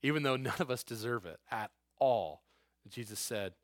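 A man's voice: mid-range voice, moderate pace, dry recording. A male pastor delivers an earnest, conversational sermon. He mixes emphatic points with casual asides. His voice sits mid-range and sounds close and dry.

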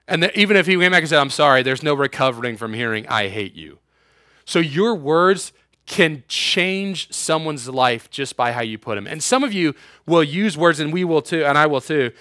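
A young man preaching with a bright, forceful voice, pitched a little high for a man. He is animated and joking, acts out the lines he quotes, and leans on sarcasm. The sound is dry and close, with little room in it. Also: no echo. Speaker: youth pastor. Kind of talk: sermon.

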